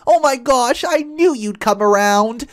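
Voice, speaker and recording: A man voicing a delusional older stepmother-in-law, gushing and pleading in a high put-on voice. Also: expressive, measured pace. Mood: manic gushing.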